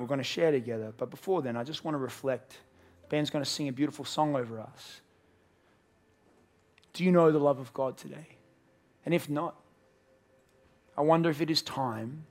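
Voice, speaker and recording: A man preaching a sermon to a church congregation, earnest, acting out the characters in his story. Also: medium pitch. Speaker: pastor.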